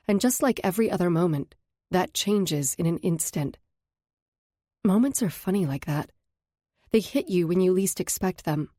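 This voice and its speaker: Woman reading a first-person audiobook, dark warm tone, dry close sound, calm and thoughtful. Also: on the low side, dry recording. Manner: measured, introspective storytelling. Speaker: audiobook narrator.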